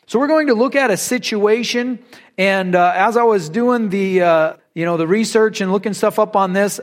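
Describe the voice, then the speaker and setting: A male preacher giving a conversational sermon, reading scripture aloud and retelling it in an animated, storytelling way. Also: very high-pitched.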